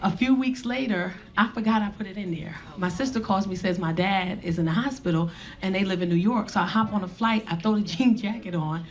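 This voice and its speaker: A woman's voice: mid-range voice, brisk. A woman comedian telling a brash, profane story on stage, acting out every part. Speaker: stand-up comedian. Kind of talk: stand-up storytelling. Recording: live club with audience laughter. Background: audience laughing.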